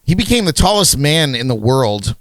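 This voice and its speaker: A man's voice: mid-range voice, very animated, moderate pace, no echo. Male podcast host, casual chat, rambling, laughs a lot, dry close mic. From United States. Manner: rambling, laughs often, many fillers.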